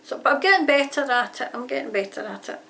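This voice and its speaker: A woman's voice: high-pitched, animated, quick pace, gravelly, a bit bright. A woman chatting casually about her writing, rambling and often correcting herself mid-sentence. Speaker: aspiring author answering a tag. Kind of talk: casual chat. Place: home near a railway line. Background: trains passing.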